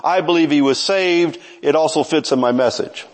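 High-voiced man preaching a sermon. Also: normal speed, slight background noise. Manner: conversational, self-correcting, with frequent restarts. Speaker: pastor.

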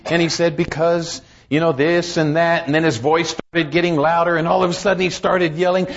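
A middle-aged man preaches in a church with a high voice. He has a folksy, humorous way of telling stories. The recording sounds dull and lo-fi. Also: steady tone, a little fast. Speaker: pastor. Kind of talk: sermon.

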